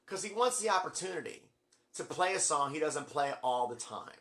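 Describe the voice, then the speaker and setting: Bright, excitable man rambling through a story. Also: moderate pace. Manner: excitable, acts out quotes with big pitch jumps. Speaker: music vlogger.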